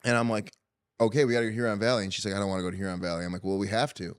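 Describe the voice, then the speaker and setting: A man's voice: fairly low pitch, racing, clean tone, no echo, studio quality. A man, hosting a podcast and telling a long story in casual chat, acting out quotes and swearing freely. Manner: animated, swearing, acts out quotes. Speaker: podcast host.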